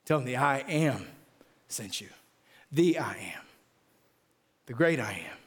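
A man voicing God as a grave, commanding figure, proclaiming slowly and with emphasis, in the middle of a sermon. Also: medium pitch, lively intonation, slightly rough, big-room sound, pitched below the performer's own voice. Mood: solemn. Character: solemn, commanding male God speaking to Moses.

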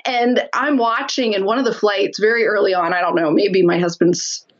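A woman guest telling a lively story in a casual interview, laughing often as she talks. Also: medium pitch, moderate pace, dull audio.

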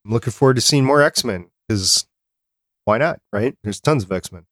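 A man hosting a podcast in casual chat, relaxed and making joking asides. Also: medium pitch, normal speed, no room sound, clean studio sound. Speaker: podcast host.

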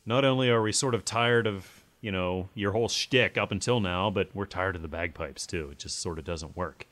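A man's voice: low voice, normal speed, fairly bright tone. A man co-hosting a podcast, giving opinionated takes with lots of "you know" and acted-out asides. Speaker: podcast co-host. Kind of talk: casual music review chat.

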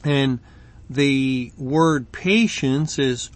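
A man teaching a Bible study, reading scripture and explaining it slowly with frequent pauses and fillers. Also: medium pitch. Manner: slow and deliberate, with frequent ums and pauses.

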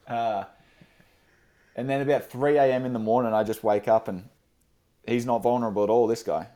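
A man's voice: mid-range voice, steady tone, normal speed, dark tone. A man, a guest on the show, telling a casual story with fillers and frequent laughs. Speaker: podcast guest.

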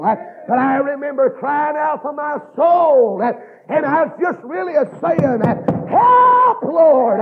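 A man preaching a fiery revival sermon, chanting and rising into shouted cries. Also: very high voice, vocal fry, husky. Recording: tinny phone-like lo-fi recording.

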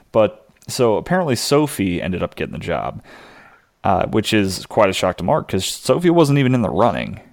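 A man with a low voice co-hosts a podcast and walks through a TV episode at an easy pace. He hesitates and fills his gaps with "uh" and "you know", recorded close and dry. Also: no room sound. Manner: laid-back, hesitant with fillers. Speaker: podcast co-host. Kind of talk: casual chat recapping a TV episode.

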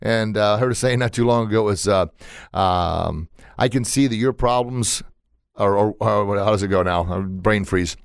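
A middle-aged man hosting a motivational podcast, talking in an emphatic, folksy way. He repeats words often and his voice jumps high on key phrases. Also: moderate pace, creaky, clean tone, no room sound, clean studio sound. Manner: emphatic, repetitive, folksy preaching with pitch leaps. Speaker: podcast host.

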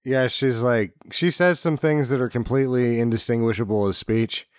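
A man's voice: mid-range voice, moderate pace, clear, resonant tone, dry recording. A man co-hosting a podcast, riffing on a movie in casual chat with dry sarcasm and casual swearing. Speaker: podcast co-host.

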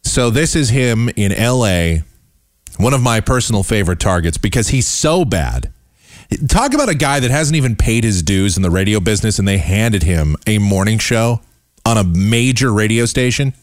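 A man hosting his own podcast, giving a scornful, animated rant about the broadcasting industry. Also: on the low side, dry recording, studio quality. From United States. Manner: scornful, animated, mocks voices he dislikes. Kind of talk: ranting commentary.

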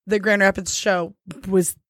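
A woman's voice: medium pitch, fairly even intonation, measured pace, no echo, clean studio sound. A woman chatting casually and animatedly, laughing often and acting out text messages. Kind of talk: casual chat, storytelling.

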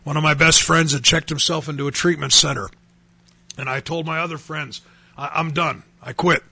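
Man, gravelly husky voice, personal testimony, earnest storyteller, from north dakota. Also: on the high side, fairly even intonation, normal speed, pushed and bright, no echo. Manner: earnest, storytelling, rising to emphatic bursts. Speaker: testimony speaker.

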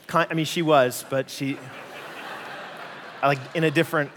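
A Canadian man preaching a sermon, an animated storyteller who acts out voices and jokes at his own expense. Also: fairly high pitch, normal speed, long reverb tail, a little hiss or hum. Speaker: pastor.

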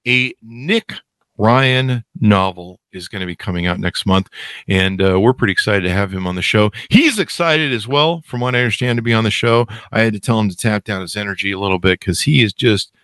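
A man's voice: lowish voice, brisk, a bit bright, no room sound. A man hosting a podcast, rambling and self-mocking while introducing a guest into a close studio mic. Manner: joking, self-mocking, meandering. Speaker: podcast host.

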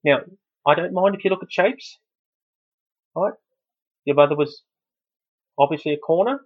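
A man's voice: on the high side, moderate pace, breathy edge, narrow, tinny audio. A man playing a crude, blustering father who stammers and repeats himself in a comedy sketch. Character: crude blustering middle-aged dad.

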